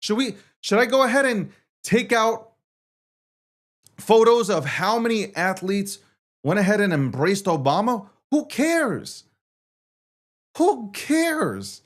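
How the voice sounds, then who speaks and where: Young guy ranting loud about the markets, curses a lot, kinda high voice. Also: slow pace, pauses often. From United States. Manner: loud, animated ranting with frequent cursing. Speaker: host. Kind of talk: fast, profane commentary.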